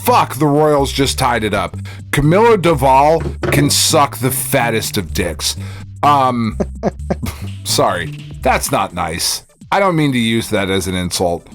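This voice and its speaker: A man's voice: medium pitch, big pitch swings, a little slow, a bit bright, soft background music. A man co-hosting a podcast in casual chat, ranting and swearing with sarcastic asides. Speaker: podcast co-host.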